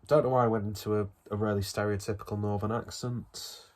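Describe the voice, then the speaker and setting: A man's voice: fairly low pitch, level tone, a little fast. A man, still out of breath from a cold, chatting his way through a casual beer review at home in a rambling, self-deprecating manner.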